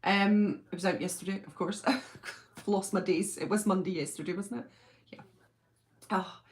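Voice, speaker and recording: A woman with a British accent hosting a live stream from home, chatting casually and reading out viewer comments in a gushing, excitable way. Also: mid-range voice, normal speed. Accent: British English.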